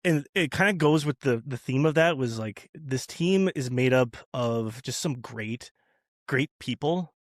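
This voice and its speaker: A man's voice: medium pitch, expressive, unhurried, no room sound, clean studio sound. A man telling a long personal story in a casual podcast chat, rambling with many fillers and restarts and laughing often. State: new father. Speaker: podcast guest.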